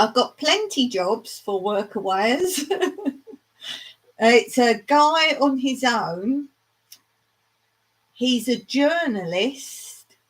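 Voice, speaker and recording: A woman's voice: fairly high pitch, husky, poor audio. A woman chatting casually with viewers on a live stream, rambling from one thing to the next and laughing often. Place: rural smallholding.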